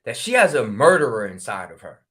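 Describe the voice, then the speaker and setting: A man from Connecticut telling a story in casual talk, acting out the dialogue with quick exclamations. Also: medium pitch, big pitch swings, a bit bright. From New Haven, Connecticut. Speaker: spiritual regression practitioner.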